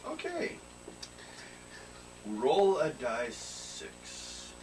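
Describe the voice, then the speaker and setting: A man's voice: on the high side, wildly swooping pitch, drawn-out words. Man running a tabletop game. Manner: casual, laughing, directing players to roll dice. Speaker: game master. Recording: noisy room recording from a distance.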